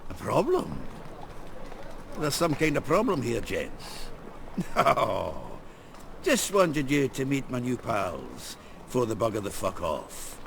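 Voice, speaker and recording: A gruff, cocky dwarf in a video game. His gravelly voice moves slowly and swings widely in pitch as he swaggers through his lines. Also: wildly swooping pitch, background noise, full character voice.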